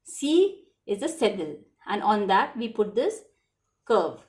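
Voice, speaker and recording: A woman's voice: medium pitch, sing-song, a little slow, darkish tone. Patient woman teaching children French. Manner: patient, repetitive, spells words letter by letter. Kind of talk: classroom lesson explaining spelling.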